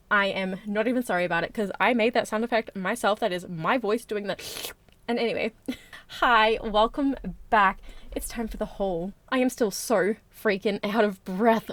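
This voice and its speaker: A woman hosting a casual haul vlog, bubbly and chatty, talking fast and gushing over her finds. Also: mid-range voice, no room sound. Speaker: plush collecting vlogger.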